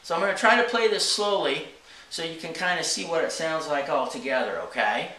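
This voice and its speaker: A man's voice: fairly high pitch, a little fast, bright, forceful tone, distant mic. A man teaching drums, explaining each step plainly and checking in with a frequent "okay?". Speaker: drum teacher. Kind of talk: casual instructional talk. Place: drum studio. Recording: echoey room from off-mic.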